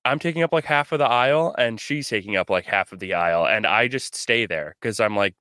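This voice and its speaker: A man's voice: fairly low pitch, expressive, brisk, few pauses, sharp tone, no room sound, studio quality. A young man co-hosting a podcast, telling a rambling, profane story in casual chat. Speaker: podcast co-host.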